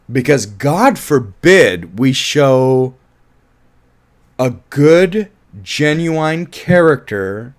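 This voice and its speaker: A man casually reviewing a film, animated and laughing often, with offhand swearing. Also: on the high side. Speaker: movie reviewer.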